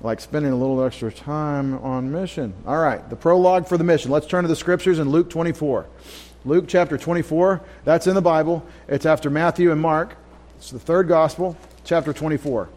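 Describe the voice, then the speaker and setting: Male Bible teacher, slightly high voice, relaxed conversational delivery with anecdotes and audience questions. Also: brisk. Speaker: pastor. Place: church.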